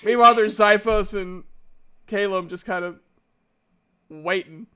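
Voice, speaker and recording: Slow, laughing woman game master. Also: medium pitch, a bit bright, clean tone. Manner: unhurried, laughs often and playful. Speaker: dungeon master. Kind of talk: narrating a tabletop game.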